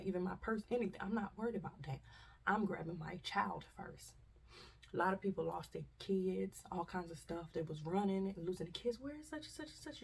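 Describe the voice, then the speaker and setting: A woman's voice: fairly low pitch, vocal fry, darkish tone, slightly rough, recorded from a distance. A woman vlogger, telling a story casually and animatedly, acting out voices and dropping to whispers.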